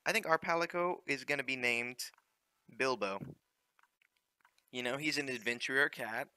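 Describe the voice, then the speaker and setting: A man's voice: mid-range voice, normal speed, pushed and bright, clean tone, no room sound. A young man hosting a let's play, commenting casually on the game with joking asides and frequent ums.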